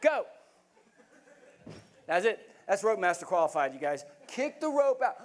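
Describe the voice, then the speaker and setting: High-voiced man telling a war story. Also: a little slow. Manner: vivid, animated storytelling with bursts of laughter. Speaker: keynote speaker. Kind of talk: storytelling talk to a live audience.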